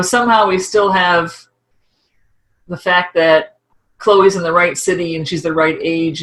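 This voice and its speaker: Chatty low-voiced woman podcast host. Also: poor audio. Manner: chatty, rambling, quick asides. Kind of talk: casual discussion of a TV episode.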